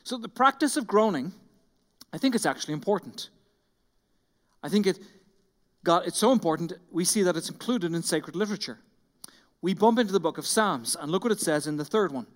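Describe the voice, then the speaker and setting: High-voiced male pastor preaching in a hall. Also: lively intonation. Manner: slows down and stresses scripture readings, speaks directly to the congregation. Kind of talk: sermon. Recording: long hall reverb.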